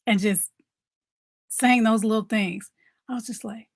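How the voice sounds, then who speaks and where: A woman's voice: a little high, fairly even intonation, measured pace, pauses often, no echo. A woman giving a motivational talk as a mom coach, conversational, repeating her points and asking viewers questions.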